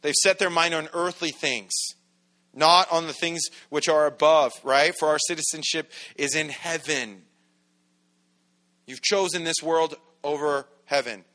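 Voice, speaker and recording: A man preaches in a loose, chatty way, joking and acting out small scenes as he goes. His voice sits a bit high and rings bright and forward. He sounds like a pastor talking with his congregation rather than at them. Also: unhurried. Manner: joking, animated, acts out little scenes. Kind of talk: casual conversational sermon.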